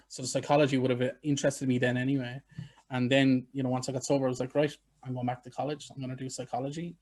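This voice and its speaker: A man's voice: mid-range voice, darkish tone. Irish man chatting frankly. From Ireland. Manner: frank, self-deprecating, chatty. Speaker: podcast guest. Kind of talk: casual interview chat.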